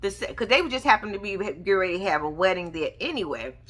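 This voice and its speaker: Speaking fast in a mid-range voice, a young woman gives casual commentary recapping reality TV. She's sassy and animated, mocking the people she discusses by acting them out.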